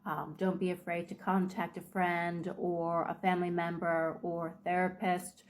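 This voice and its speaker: Unhurried woman giving casual advice. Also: lowish voice, flat delivery. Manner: unhurried, with frequent ums and restarts. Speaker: video creator.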